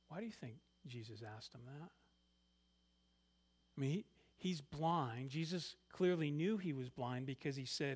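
A man preaching a sermon, reading scripture aloud and swinging between loud emphatic lines and quiet asides. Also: on the high side, normal speed. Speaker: pastor.

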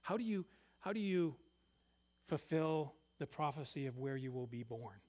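A man preaching a sermon, reading scripture aloud and swinging between loud emphatic lines and quiet asides. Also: fairly high pitch, animated, moderate pace. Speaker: pastor.

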